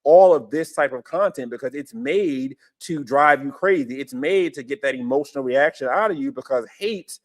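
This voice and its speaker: A man's voice: medium pitch, normal speed, hardly any pauses. A man hosting a podcast in casual commentary, emphatic and repeating his phrases. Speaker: podcast host.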